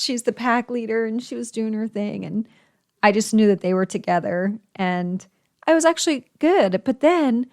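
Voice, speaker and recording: A middle-aged woman hosting a podcast, telling a personal story in a heartfelt, halting way, close to tears. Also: fairly high pitch, darkish tone. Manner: emotional, on the verge of tears; heartfelt with many restarts and fillers. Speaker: podcast host.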